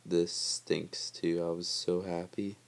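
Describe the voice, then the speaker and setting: A man's voice: low voice, flat delivery, slow, gravelly. A man giving casual, chatty gameplay commentary over his footage, joking about himself and laughing often.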